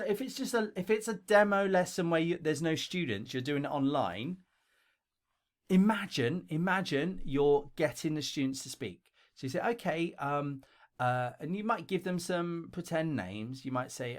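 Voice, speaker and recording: Chatty London man giving blunt advice. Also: fairly high pitch. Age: middle-aged. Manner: chatty, blunt, tags lines with "okay?". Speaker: online English teaching coach. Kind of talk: direct-to-camera advice video. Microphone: webcam or camera facing him.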